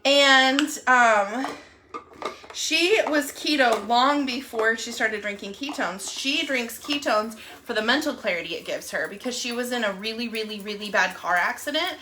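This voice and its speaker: Bright, high-voiced excitable woman. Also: a little slow, slight background noise. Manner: excitable, gushing, rambling with fillers. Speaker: wellness app promoter. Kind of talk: casual live video chat.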